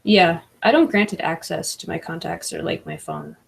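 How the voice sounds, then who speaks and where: A woman's voice: low voice, normal speed, gravelly. A woman hosting a livestream, reading chat comments aloud and chatting casually with lots of laughs. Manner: laughs often, fillers like "like" and "I don't know".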